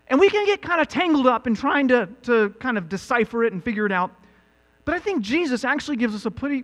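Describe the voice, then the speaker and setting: A man preaching a sermon as pastor, animated and building to emphatic peaks. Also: sits high. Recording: long reverb with mains hum.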